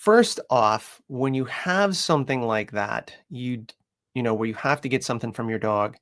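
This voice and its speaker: Man, dog trainer, loose rambling chat, middle pitch, full of ums and restarts, softens to gentle coaxing. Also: normal speed. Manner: rambling, lots of fillers, coos softly when quoting himself to the puppy. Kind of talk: casual talk to camera.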